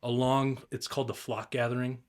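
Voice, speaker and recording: A man's voice: mid-range voice, level tone, brisk. A young man on a podcast, casually telling turkey hunting stories in a rambling, laid-back way, swearing and mimicking the calls. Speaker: guest turkey hunter.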